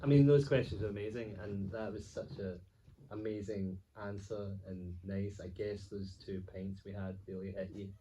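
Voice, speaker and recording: A man's voice: on the low side, fairly even intonation, moderate pace, warm tone, slight background noise. A man moderating a film Q&A, joking briefly with the guest in a casual, friendly way. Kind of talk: casual on-stage chat. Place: cinema theater with audience. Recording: voice from far off over a crowd.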